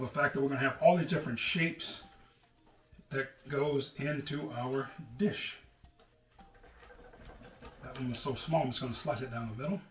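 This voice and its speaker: A middle-aged man chats his way through a home cooking demonstration, folksy and relaxed. His voice sits in an ordinary middle range and is picked up from a little way off the mic in a roomy kitchen with some echo. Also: mid-range voice, far from the mic, slight background noise. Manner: chatty, folksy, calls people brother. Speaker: cooking show host.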